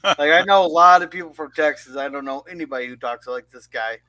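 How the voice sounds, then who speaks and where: A man with a fairly high, bright voice gives blunt, grumbling opinions as a panelist. His sound is dry and close, with no room around it. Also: fast, dry recording. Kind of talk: casual review chat.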